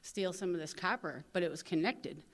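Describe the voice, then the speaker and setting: A woman from St. Louis speaking at a recovery convention. She talks casually, fills her speech with "you know," and acts out other people's lines in lively voices. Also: fairly low pitch, normal speed. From St. Louis, USA. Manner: casual storytelling, heavy on "you know" fillers. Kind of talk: personal recovery talk. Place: convention hall.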